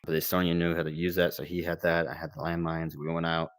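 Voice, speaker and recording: Young guy, very low voice, dry close sound; casual, rambling war storyteller. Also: level tone, fast talker, no echo. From United States. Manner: laid-back, rambling, lots of fillers and quoted dialogue. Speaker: former Marine combat medic recounting war experience.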